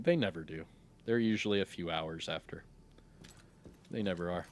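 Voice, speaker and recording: A man's voice: lowish voice, animated, moderate pace. A middle-aged man streaming live, chatting casually and reading viewer questions, laid-back and rambling with lots of fillers.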